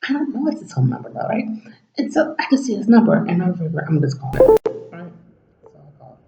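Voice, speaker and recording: Heavy background noise surrounds this man's high, sing-song voice as he briskly recounts a personal story to camera with vocal fry. The vlogger rambles, performs the dialogue he quotes and occasionally whispers, all in dull, roomy lo-fi audio.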